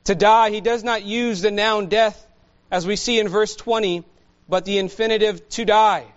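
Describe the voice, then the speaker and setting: A high-voiced man preaches a sermon at a deliberate, unhurried pace, pausing for emphasis. The recording sounds a little dull and muffled. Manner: slow, measured preaching with emphatic pauses. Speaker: pastor.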